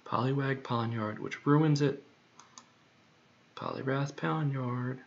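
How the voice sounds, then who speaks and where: A man's voice: mid-range voice, lively intonation, slow pace, gravelly. A man thinking aloud while he works, muttering to himself and repeating words over and over. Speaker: creator working on a song. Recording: dull lo-fi recording.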